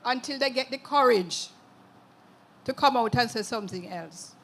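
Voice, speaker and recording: A woman's voice: fairly high pitch, moderate pace, fairly bright tone. Older Jamaican woman, emphatic and earthy. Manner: earthy, emphatic, punctuates with "okay". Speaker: writer and interview guest. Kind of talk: conversational interview at a literary event.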